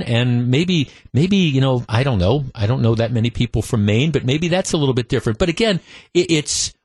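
Male radio host, mid-pitched, stammers through restarts, close dry studio mic. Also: darkish tone, breathy edge, dry recording. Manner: halting, many stammered restarts. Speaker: radio talk show host. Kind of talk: political talk radio. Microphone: studio microphone.

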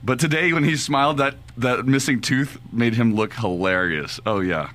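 A man's voice: mid-range voice, normal speed, a bit bright. A man co-hosting a morning radio show, teasing his partner and laughing often in casual banter. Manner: teasing, playful, laughs a lot.

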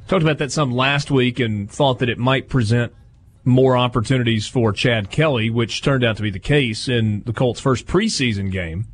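Brisk man hosting sports radio. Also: medium pitch. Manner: brisk, dry, reads schedules and promos. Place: radio studio.

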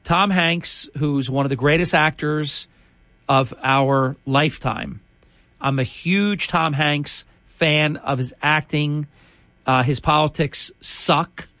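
A man's voice: a little high, fairly even intonation, slow, pushed and bright, dry recording. A male radio host giving a chatty, opinionated on-air monologue full of restarts.

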